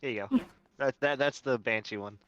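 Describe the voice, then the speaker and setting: A woman's voice: extremely low pitch, brisk, a bit bright, dull audio. A young woman co-streamer chatting casually, swearing and laughing as she recommends clips. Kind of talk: casual chat.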